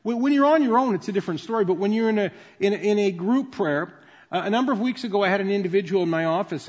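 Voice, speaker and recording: High-voiced male pastor, booming hall. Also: a little mellow. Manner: conversational, explanatory teaching. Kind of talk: sermon. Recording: dull sound with long reverb in a large hall.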